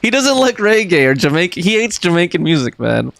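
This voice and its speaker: A man's voice: high voice, sing-song, fairly quick, vocal fry, fairly bright tone, dry recording. A man in his thirties streaming a game, reading viewer chat aloud and bantering with a laugh. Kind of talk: casual live stream chat.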